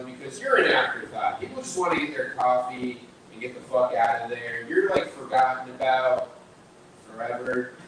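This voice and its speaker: A young man doing stand-up in a small bar, rambling loosely, swearing, and restarting his sentences. His voice sits in a middle range and sounds far off in a very echoey room with clear background noise. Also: mid-range voice, a bit bright. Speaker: stand-up comedian. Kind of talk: stand-up set at an open mic. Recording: echoey room, distant mic, noisy.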